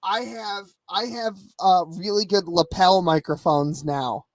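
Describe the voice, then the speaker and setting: A man's voice: high-pitched, a little slow, dry recording. Profane rambling man, dry close mic. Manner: rambling, profane, restarts often. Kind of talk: casual profane banter.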